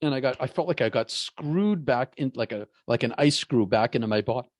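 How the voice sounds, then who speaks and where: A man, a guest in an interview, telling a personal story in a halting way, often repeating his words. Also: medium pitch, expressive, dry recording.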